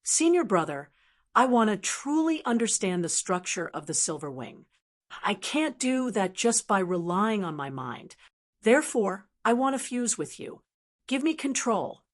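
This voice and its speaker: A woman's voice: mid-range voice, sing-song, measured pace. A woman voicing a confident young male cultivator who talks in an assured, earnest way. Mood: determined.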